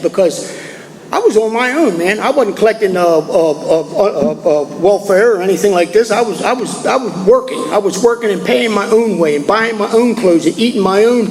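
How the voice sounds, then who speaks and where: A man's voice: high voice, animated, normal speed, a little mellow, soft background music. An older man from Maryland, speaking at a recovery meeting and telling his life story in a plainspoken, folksy way that circles back on itself. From Maryland, USA. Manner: plainspoken, folksy, repeats himself. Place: meeting hall. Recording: echoey hall with faint ambience.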